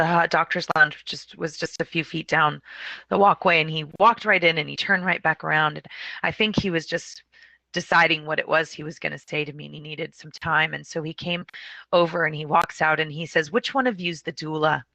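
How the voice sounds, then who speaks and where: A woman's voice: low voice, steady tone, fairly quick, gravelly, sharp tone, dry recording. A middle-aged woman, a doula, giving a presentation and retelling a birth story with feeling, acting out the quotes. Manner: emotional, vivid retelling with acted-out quotes. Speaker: doula and consumer advocate.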